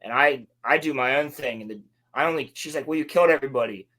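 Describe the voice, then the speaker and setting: A man co-hosting a casual podcast, recapping a show sarcastically and mocking the characters in quick put-on lines. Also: mid-range voice, a bit bright. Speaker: podcast co-host.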